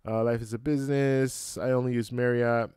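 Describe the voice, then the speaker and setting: A man hosts a travel live stream from a home room where a computer fan hums, chatting casually and answering comments close to his mic. He's relaxed and halting, full of fillers and restarts, and laughs easily. His voice is medium-pitched and clean, with no echo.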